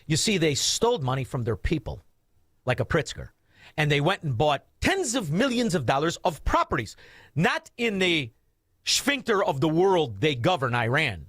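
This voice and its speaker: Sarcastic male radio host, rants and mutters, animated delivery, dry booth sound. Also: moderate pace, dry recording. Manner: insulting, sarcastic, swings from low mutters to loud outbursts. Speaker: radio talk show host. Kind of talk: mocking commentary over news clips.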